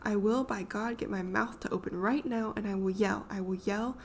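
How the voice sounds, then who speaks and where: A woman voicing a fragile, frightened young woman, speaking her thoughts in hushed whispers. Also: mid-range voice, steady tone, moderate pace, slight background noise, natural voice. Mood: defiant whisper.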